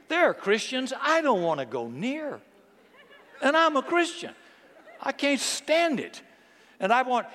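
A middle-aged man preaching a sermon in an animated, conversational way with touches of humor. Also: sits high. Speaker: pastor. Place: large church hall. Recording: long hall reverb.

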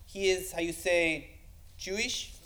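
A man voicing a friendly production assistant with a Spanish accent, speaking halting broken English and searching for words. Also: sits high, steady tone, bright, forceful tone, a little hiss or hum, exaggerated voice. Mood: cheerful.

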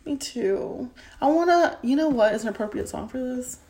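A woman's voice: high voice, lively intonation, moderate pace, darkish tone. A young woman co-hosting a podcast, chatting casually and bubbly, often chiming in and laughing. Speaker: podcast co-host. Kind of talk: casual chat.

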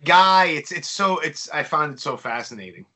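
A male podcast host asking casual questions, often restarting himself and answering with quick acknowledgments. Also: on the high side, animated, sharp tone. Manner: hesitant, restarts questions, frequent short acknowledgments. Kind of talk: casual interview.

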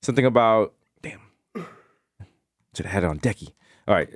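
A man co-hosting a podcast, rattling off joking shout-outs and nicknames in loose comedic banter. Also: lowish voice, lively intonation, normal speed, no echo, clean studio sound. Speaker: podcast co-host.

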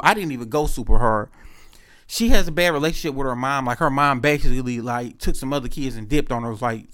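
Profane, animated storytelling man. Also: mid-range voice, a little fast. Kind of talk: casual storytelling monologue.

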